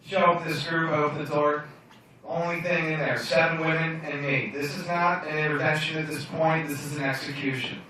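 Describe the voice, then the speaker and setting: A man's voice: a little high, flat delivery, brisk, bright, forceful tone, a little hiss or hum. A young man doing a stand-up comedy set in a bar lounge, telling stories in a brash, profane, self-mocking way. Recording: echoey bar room from far off.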